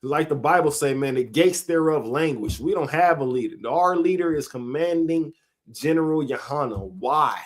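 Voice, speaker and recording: A man, giving a casual sermon-style monologue, slow and conversational, laughing between his points. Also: a little high, lively intonation. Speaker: street preacher.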